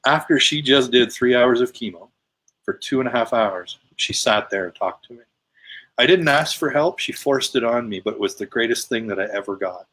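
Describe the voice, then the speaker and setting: A man's voice: medium pitch, expressive, normal speed, fairly bright tone. A man guest telling a personal story in casual, emphatic conversation. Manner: emphatic, retelling with quoted dialogue.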